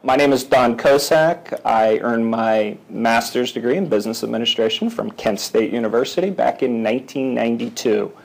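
A man who is a vice president, giving a crisp, formal introduction. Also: mid-range voice, moderate pace, few pauses, low-quality recording.

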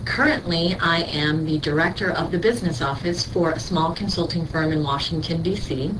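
Low-voiced woman, distant and noisy. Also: moderate pace. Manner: crisp, formal. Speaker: business office director. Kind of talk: self-introduction. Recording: distant mic with clear background noise.

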